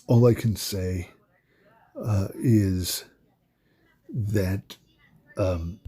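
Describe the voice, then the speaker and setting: A man commentating on a card game in a halting, soft-spoken way, with many pauses and fillers. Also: low-pitched, husky. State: emotional, voice breaking. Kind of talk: casual gameplay commentary.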